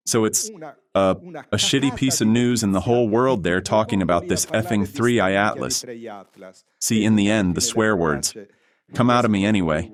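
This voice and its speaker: A man with an Italian accent giving an impassioned, indignant lecture at a conference, ranting and swearing at times. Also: on the low side. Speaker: conference speaker. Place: theatre with audience.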